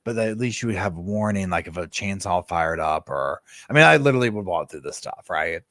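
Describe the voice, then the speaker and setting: A man with a drawl hosts a casual live chat from home. His low voice swings widely in pitch as he tells stories, full of fillers and asides. The sound is dry and close. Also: a little fast, dry recording. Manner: animated storytelling, many fillers and asides. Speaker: live stream host.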